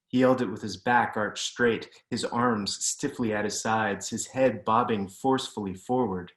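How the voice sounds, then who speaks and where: A man, an author, reading his fiction aloud in a measured, deliberate way over a video call from a room at home. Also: lowish voice, a bit bright. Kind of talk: literary reading. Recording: roomy echo.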